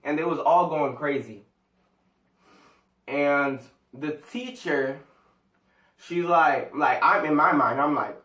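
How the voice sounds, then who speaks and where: A man's voice: a little high, slow pace, long pauses, fairly bright tone, reverberant, distant mic. A teenage guy telling a school story in a casual storytime vlog, rambling, slangy and full of fillers. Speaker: vlogger.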